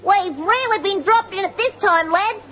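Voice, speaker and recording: A fretful nine-year-old boy complains in a piping, very high voice. The recording sounds dull and lo-fi. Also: moderate pace, fairly bright tone. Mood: worried.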